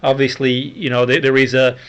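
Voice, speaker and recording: A man's voice: mid-range voice, level tone, a little fast, a bit bright, dull audio. A man hosting a radio sports show, asking long, encouraging questions full of fillers. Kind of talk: radio interview.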